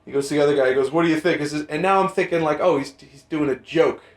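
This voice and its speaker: A young man hosting a podcast, telling a rambling, profane story in casual chat and jumping into animated quoted voices. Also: fairly high pitch, rapid-fire. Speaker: podcast host. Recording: roomy echo.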